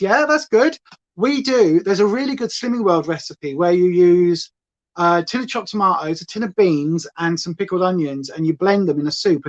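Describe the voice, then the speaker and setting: A woman's voice: on the low side, highs cut off. A woman from Hampshire with a southern English accent and a touch of Essex twang, chatting loosely as she does her makeup on a livestream and reads out viewers' comments. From Hampshire, England. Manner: rambling, chatty, talks to viewers and her dog. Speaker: beauty livestream host. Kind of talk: chatty makeup livestream, reading chat aloud. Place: home.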